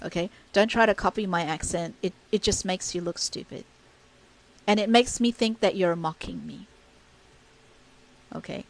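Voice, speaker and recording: A woman's voice: lowish voice, normal speed, creaky, pauses often. A woman with a Filipino accent giving casual, blunt advice on interviewing virtual assistants, switching freely between English and Tagalog with plenty of fillers.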